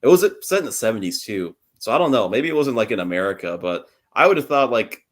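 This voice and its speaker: Deep-voiced young man rambling on a podcast. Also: lively intonation, quick pace. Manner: rambling, laughs often, swears casually. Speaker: podcast co-host. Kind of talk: casual chat.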